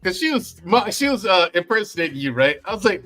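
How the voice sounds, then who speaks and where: A male podcast panelist with a high, bright voice that swings all over as he talks. He tells stories in an animated way, laughing through his words. Faint music runs underneath. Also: brisk. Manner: animated storyteller, laughs while talking. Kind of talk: casual panel chat.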